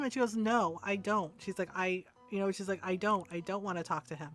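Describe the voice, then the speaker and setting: A woman's voice: mid-range voice, steady tone, quick pace. A woman streamer chatting casually while gaming, rambling with lots of fillers and asking "right?" often, over faint background music.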